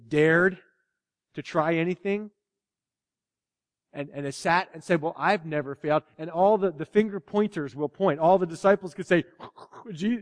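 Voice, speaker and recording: A man preaching a sermon, animated, swinging between loud exclamations and hushed asides. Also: a little high, big-room sound. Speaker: pastor.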